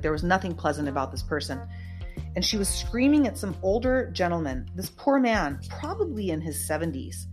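Slightly low-voiced woman host, rambling. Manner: rambling, emphatic, with many fillers. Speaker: podcast host. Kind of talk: casual monologue.

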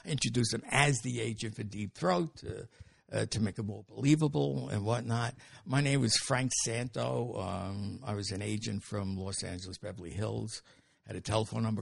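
An older man telling stories as an interview guest, animated and acting out the dialogue with quick restarts. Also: fairly low pitch, creaky, husky, no echo, studio quality. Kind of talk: anecdotal storytelling.

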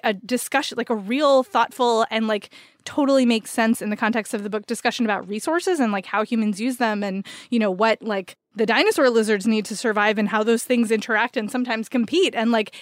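A woman's voice: a little high, no room sound, studio quality. A woman co-hosting a podcast, chatting casually and enthusiastically about books with lots of "like" fillers. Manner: animated, filler-heavy, enthusiastic. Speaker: podcast co-host. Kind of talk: casual book-recommendation chat.

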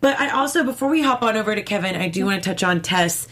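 A woman's voice: mid-range voice, lively intonation, quick pace, fairly bright tone. A woman hosting a casual chat about a TV episode, steering the conversation. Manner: chatty, steers the discussion. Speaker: host.

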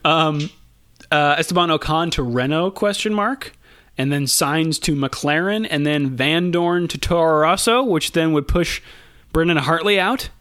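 A man hosting a casual podcast chat, relaxed, laughing easily and filling pauses with ums and uhs. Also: on the high side, no echo, studio quality. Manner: relaxed, laughs often, many fillers. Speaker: podcast host.

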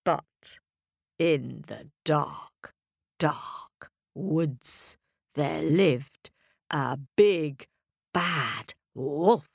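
Animated storyteller for kids, playful, unhurried, wide swoops in pitch. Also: female voice, creaky, slightly rough, dry recording, studio quality. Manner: animated, playful, makes sound effects. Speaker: children's storyteller. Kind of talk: storytelling for children.

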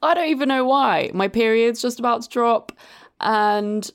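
A woman's voice: fairly high pitch, normal speed, clean tone. A woman in her thirties hosting a podcast, talking candidly and emotionally and swearing casually. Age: 30s. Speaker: podcast host. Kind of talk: casual chat.

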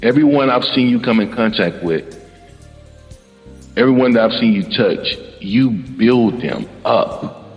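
A man hosting a podcast panel, praising his guests warmly and stumbling over repeated words. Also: lowish voice, long reverb tail, lo-fi sound. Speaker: podcast host. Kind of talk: emotional panel introduction.

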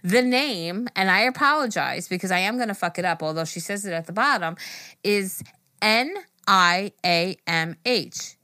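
A woman co-hosting a podcast in casual chat, talking in chatty, quick asides and laughing often. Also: mid-range voice, lively intonation, sharp tone, dry recording, clean studio sound. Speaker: podcast co-host.

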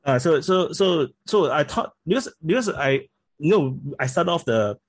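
A man with a Singaporean accent talks casually as a podcast guest, his voice somewhat husky. He often restarts and repeats words as he gets going. The sound is dry and close, with no room echo. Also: on the high side, animated. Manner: halting, repeats words when starting sentences. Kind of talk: casual interview chat.

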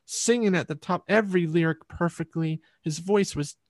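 A woman's voice: fairly low pitch, moderate pace, a little mellow, no room sound, studio quality. A woman musician, a guest in an interview, telling her story in a rambling, reflective way.

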